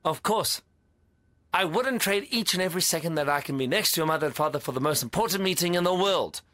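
A man's voice: fairly high pitch, fast talker. A flowery con-man suitor. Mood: flattering. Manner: flowery, flattering, pleading. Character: smooth-talking male con-man suitor posing as a doctor. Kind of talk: dubbed TV drama.

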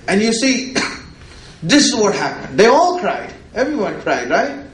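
A man's voice: high voice, sing-song, a little slow. A man preaching a religious sermon, repeating himself and asking "right?" as he goes. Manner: repetitive, rhetorical, often asks "right?". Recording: echoey room.

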